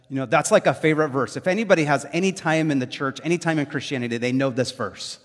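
Man, pastor, sermon, conversational, lots of fillers, mid-pitched, long hall reverb. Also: fast talker, few pauses. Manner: conversational, animated storytelling with many fillers.

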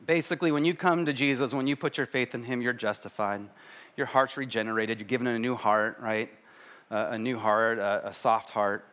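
A man preaching a sermon at a church service in a relaxed, joking way, acting out little voices. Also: medium pitch, brisk. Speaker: pastor.

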